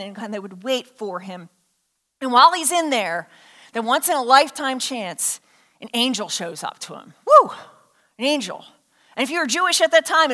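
Woman, preacher, lively sermon storytelling, long hall echo. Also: sits high. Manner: animated storytelling, asks the congregation questions. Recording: hall reverb.

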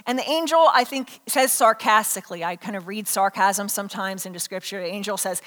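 A woman preacher giving an animated sermon, telling a story and asking the congregation questions. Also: mid-range voice, normal speed. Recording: hall reverb.

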